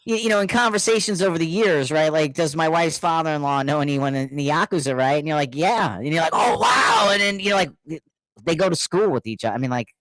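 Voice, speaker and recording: A middle-aged man telling a story in casual chat, animated, laughing often and acting out what others said. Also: fairly high pitch, quick pace, dry recording. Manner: animated, laughing, repeats words, acts out quotes.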